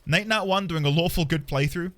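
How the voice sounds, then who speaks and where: A man's voice: fairly high pitch, a little fast, fairly bright tone. A man streaming a game, chatting casually in a playful, rambling, self-mocking way. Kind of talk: casual gameplay commentary. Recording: game music behind.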